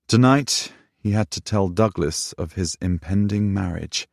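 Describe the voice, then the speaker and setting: A man narrating a romance audiobook in a measured, unhurried way. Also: deep voice, vocal fry, dry recording, clean studio sound. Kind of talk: scripted narration.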